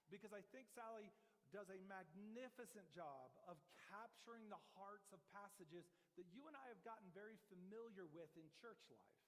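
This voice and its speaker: A man's voice: high voice, in a large hall. A man preaching a sermon as pastor, in a conversational, joking storytelling manner. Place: church sanctuary.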